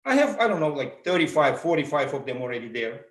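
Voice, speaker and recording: A middle-aged man with a Russian accent giving an animated motivational talk, acting out the voices he quotes. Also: fairly high pitch, fast, echoey room. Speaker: motivational speaker. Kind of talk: public speaking talk.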